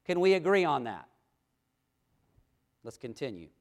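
Pastor guy preaching, voice swings up and down a lot, reads scripture out loud. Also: on the high side, big pitch swings, measured pace. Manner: preaching with questions to the congregation, reading scripture aloud. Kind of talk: sermon.

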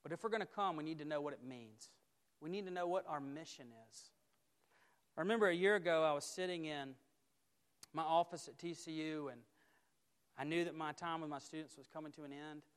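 A man preaching a sermon as a campus minister. He speaks emphatically, building repeated phrases and dropping to quiet intensity. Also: a little high, a little fast, clean tone. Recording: long hall reverb.

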